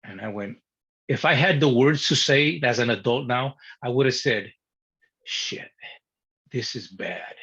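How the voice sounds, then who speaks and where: A man telling a personal story in an interview, animated and blunt, acting out his younger self and swearing at times. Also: medium pitch, normal speed, husky. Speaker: guest. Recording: dull lo-fi sound.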